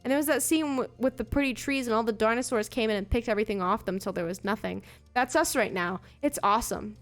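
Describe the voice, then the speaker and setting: A woman's voice: fairly high pitch, quick pace, faint music behind, close to an everyday voice. A woman voicing a cheerful, easygoing young boy in a game, chatty and upbeat.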